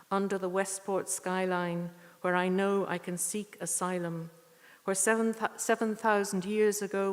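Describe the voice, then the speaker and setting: A woman giving a poetry reading with short spoken introductions, earnest and unhurried, with thoughtful pauses. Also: lowish voice. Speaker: poetry reader at a tribute evening. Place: church. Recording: echoey church hall.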